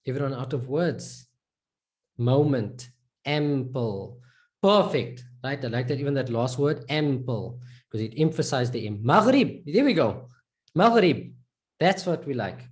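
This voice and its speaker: A man from South Africa with a South African accent, teaching Arabic letters to a class and repeating each sound slowly. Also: mid-range voice, expressive, darkish tone. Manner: slow, repeats sounds and words for students. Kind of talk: live online lesson.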